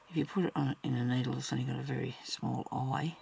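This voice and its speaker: Woman, very gravelly voice, chatty crafting vlog, muttering to herself, faint background hiss. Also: rumbling low, fairly even intonation, quick pace, hardly any pauses, mellow. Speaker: crafter narrating her embroidery work. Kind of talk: casual talk-along crafting vlog.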